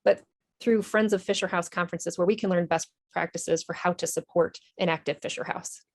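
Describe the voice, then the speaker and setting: A woman's voice: on the low side, fairly even intonation, fairly quick, vocal fry. A woman, an Army veteran and nonprofit director, telling her story in a TV interview in an earnest, candid way with small restarts.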